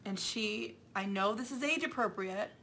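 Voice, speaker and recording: A woman's voice: medium pitch, normal speed, pushed and bright, a little hiss or hum. A young mother, chatting casually while she crafts, rambling and repeating herself. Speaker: craft vlogger.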